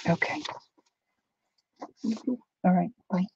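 A woman's voice: takes it slowly, a little mellow, no room sound. A middle-aged woman hosting a craft livestream, chatting casually and rambling through stories while she talks to viewers by name. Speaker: craft channel host. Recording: dull lo-fi dry home recording.

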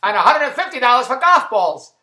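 Middle-aged man, comic birthday monologue, one-liner jokes, bright tense voice, echoey room. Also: very high voice, big pitch swings. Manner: rapid-fire old-school joke telling, repeating punchlines. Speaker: husband sending a birthday message.

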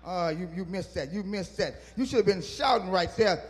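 A man's voice: sits high, lively intonation, normal speed, hardly any pauses, long reverb tail, faint music behind. A man preaching a sermon as pastor, working call-and-response with his congregation and teasing them to respond. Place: church sanctuary.

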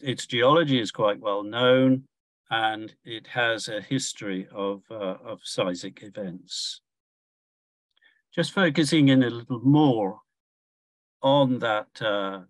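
An older man giving a measured academic lecture from slides, pausing often with fillers and restarts. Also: lowish voice, fairly bright tone, no room sound.

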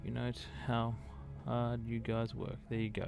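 Aussie streamer with a gravelly voice. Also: male voice, mid-range voice, completely flat delivery, a little slow, faint music behind. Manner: chatty and friendly, addresses viewers as mate. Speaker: live streamer. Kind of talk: casual gameplay commentary talking to chat. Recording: loud game gunfire behind voice. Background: battle gunfire and vehicles.

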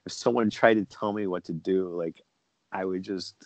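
A man's voice: steady tone, normal speed, darkish tone, dry recording. A man being interviewed as a guest, telling stories casually and bluntly, swearing freely and acting out what people said. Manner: blunt, swears freely, acts out quoted dialogue. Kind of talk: casual storytelling. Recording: dull, dry low-fidelity sound.

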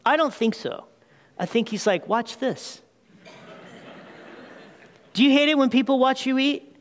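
A man preaching a sermon as pastor, retelling the story with lively asides and calling the congregation "people.". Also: very high-pitched, fairly quick, big-room sound. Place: church sanctuary.

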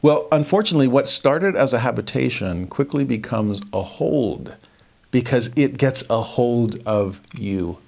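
A man teaching a verse-by-verse Bible lesson, reflective and expressive, often posing rhetorical questions. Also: mid-range voice, a little slow, creaky. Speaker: scripture teacher.

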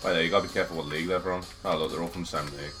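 A man streaming a football video game live, chatting excitably with viewers and swearing in casual banter. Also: low voice, very fast. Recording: loud game music behind.

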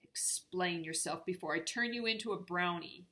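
A stern woman guardian of a sacred grove gives orders in a firm, lowish voice, as a woman reader plays her. Her storybook commands sound forceful and unbending. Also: moderate pace. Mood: demanding.

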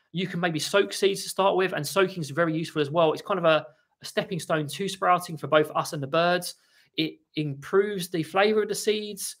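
A man's voice: fairly high pitch, fairly bright tone. A man hosting a casual livestream, answering viewers' questions in a chatty way with frequent restarts. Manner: chatty, restarts often, talks to his birds between answers. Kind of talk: casual live chat. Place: home room with parrots.

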